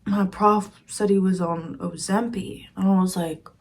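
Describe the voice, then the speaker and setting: A woman in her early twenties, a student vlogger, rambling in a chatty, confiding way and often dropping to a soft near-whisper. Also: mid-range voice, fairly even intonation, unhurried, breathy edge. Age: early 20s. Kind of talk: casual rambling vlog chat.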